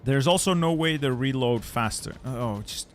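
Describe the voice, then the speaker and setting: This gaming channel host commentates on his own strategy game play, exasperated and swearing as he rants about losing. His voice sits in the mid-range at a normal speed, with slight background noise in the recording.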